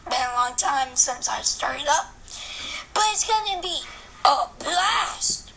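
A woman's voice: sits high, lively intonation, takes it slowly, sharp tone, rough recording. A woman hosting her own channel, chatting casually and jokily with many filler sounds. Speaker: channel host. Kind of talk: casual vlog chat.

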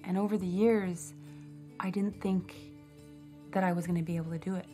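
A woman's voice: fairly low pitch, steady tone, moderate pace, mellow, soft background music. A woman in a documentary interview, telling a personal story reflectively with casual fillers.

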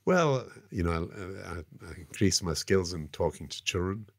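Sixties man with a South African accent, deep, dry-miked podcast guest, loose anecdotal delivery. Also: lively intonation, moderate pace, creaky, no room sound. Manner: rambling, frequent "you know" fillers. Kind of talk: casual anecdotal storytelling.

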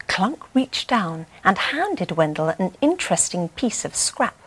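A woman reading a bedtime story aloud in a gentle, expressive way. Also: mid-range voice, a little slow, hardly any pauses, slightly rough.

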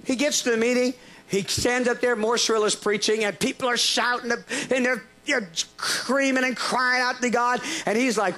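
A male preacher telling a lively story in a sermon, laughing often and restarting his sentences. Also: very high-pitched, brisk.

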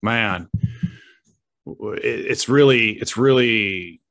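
A middle-aged man hosts a podcast in a reflective, conversational way. He pauses and restarts as he searches for words, and his voice sits fairly low. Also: fairly bright tone. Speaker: podcast host.

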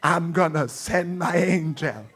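Husky-voiced older man preaching. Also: a little high, takes it slowly, a bit bright. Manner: fervent, repetitive exclamations. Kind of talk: testimony sermon. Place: church sanctuary.

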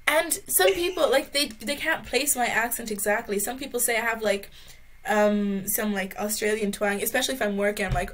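A young woman from Brazil, a guest chatting casually in an interview, with a mixed American and Irish-sounding accent and a giggly, animated manner. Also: mid-range voice, brisk, rough recording. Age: young adult.

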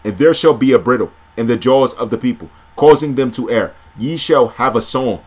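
A man's voice: medium pitch, moderate pace. A man reading old-style scripture aloud, now and then breaking off to comment in casual slang. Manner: reads steadily, breaks off into excited slangy commentary. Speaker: scripture reader and preacher.

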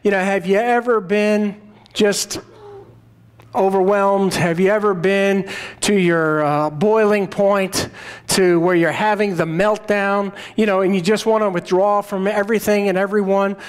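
A man's voice: sits high, fairly even intonation, unhurried, clear, resonant tone. A man preaching a sermon, retelling Bible stories in a conversational, storytelling way. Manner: storytelling, conversational, retells scripture in quoted voices. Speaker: pastor.

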